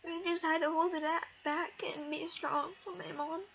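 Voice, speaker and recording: A teenage girl vlogging about something personal, halting and fighting back tears, with many pauses and fillers. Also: extremely high pitch, fairly even intonation, gravelly, fairly bright tone. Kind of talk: emotional personal talk to camera. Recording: dull lo-fi audio with faint hiss.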